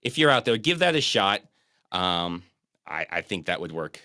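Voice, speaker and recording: A man riffs his way through an action film alongside a friend, rambling and laughing at his own jokes. His voice is bright and animated, with wide swings in pitch. The recording is dry and close. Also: normal speed, no echo. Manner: joking, rambling, laughs often. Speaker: podcast co-host. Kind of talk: casual movie commentary chat.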